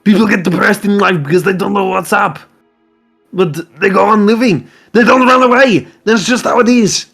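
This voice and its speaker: A man's voice: high voice, normal speed, vocal fry, a bit bright, faint music behind, full character voice. A man voicing a hot-tempered burly rebel leader in a fan-voiced game playthrough, blunt and cursing. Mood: lecturing. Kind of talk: fan voice acting over a game.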